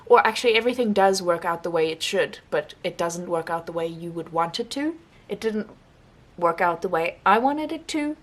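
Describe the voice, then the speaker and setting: A young woman book vlogger giving a casual, rambling monthly reading wrap-up, animated and laughing often. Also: on the low side.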